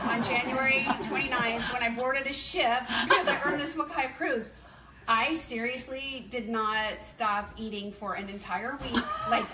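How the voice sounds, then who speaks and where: This clip is very noisy and roomy, with a distant mic, as a company distributor in her fifties addresses a meeting. She's from the American South, and her high-leaning voice carries an animated, laughing testimonial full of chatty storytelling.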